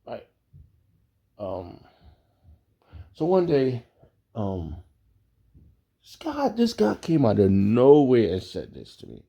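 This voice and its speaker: A man telling a casual story, animated and profane, laughing often. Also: medium pitch, slow pace, gravelly, pauses often.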